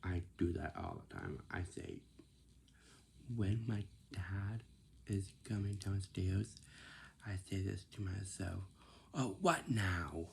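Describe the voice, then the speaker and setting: A man's voice: low voice, lively intonation, slow, creaky, dark tone, slight background noise. A man telling a casual, rambling story, often stopping to repeat and correct himself.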